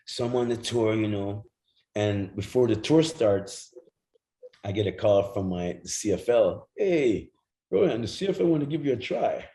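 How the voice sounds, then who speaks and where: A man's voice: on the low side, lively intonation, moderate pace, dark tone, poor audio. A middle-aged man from Jamaica, a former football player, telling casual stories as a guest, acting out other people's lines, swearing freely and laughing often. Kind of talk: casual storytelling.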